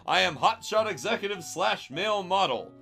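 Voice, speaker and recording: A man doing a booming Garfield. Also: expressive, normal speed, creaky, pushed and bright, soft background music, full character voice. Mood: boastful. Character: boastful hunky male Garfield, booming.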